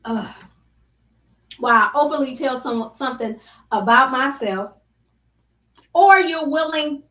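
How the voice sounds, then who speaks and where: Bubbly high-voiced woman hosting a live stream. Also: sharp tone, recorded from a distance. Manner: exuberant, greets viewers by name, bursts into song. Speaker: host of a live show. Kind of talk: casual live-stream chat. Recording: roomy echo, voice somewhat off-mic.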